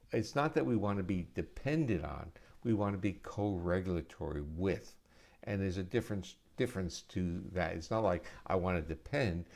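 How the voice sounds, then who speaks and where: A man with a notably low voice talks through ideas at a live question-and-answer session. He explains steadily, in a patient lecturing manner, as a guest speaker at an arts center event. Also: creaky, darkish tone.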